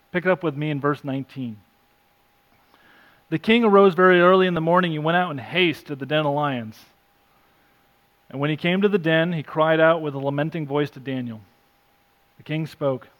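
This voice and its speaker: A male pastor preaching an earnest sermon, reading scripture aloud, rising for emphasis and dropping soft. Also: fairly high pitch, highs cut off. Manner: self-deprecating asides.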